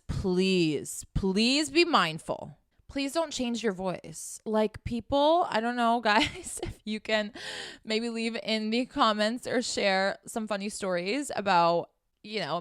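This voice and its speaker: A woman's voice: medium pitch, a bit bright, smooth, no room sound, studio quality. Frank, profane woman giving dating advice. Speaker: dating and sex coach. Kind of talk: casual advice vlog.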